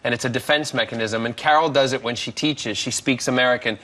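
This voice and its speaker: A man's voice: medium pitch, fast, sharp tone. A man from Scotland, a guest co-author on a TV chat show, talking in an enthusiastic, chatty way.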